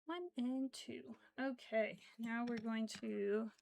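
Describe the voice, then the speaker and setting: A craft streamer chats casually while crocheting, rambling with lots of fillers and half-muttering her stitch counts. Her voice is fairly high, steady, slow, gravelly and a little mellow, with a faint hiss or hum.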